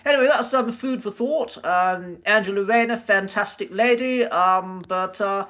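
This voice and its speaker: A man's voice: high-pitched, measured pace, fairly bright tone. A man, a coach giving his opinion in a casual video, hesitating often with ums and uhs. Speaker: accent coach.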